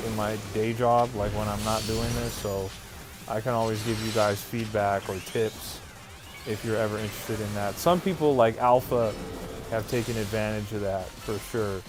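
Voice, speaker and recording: A man's voice: on the low side, fairly even intonation, moderate pace, music in the background. A man hosting a livestream who reads viewer chat aloud and answers in a loose, casual way, with plenty of fillers and restarts. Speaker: livestream host.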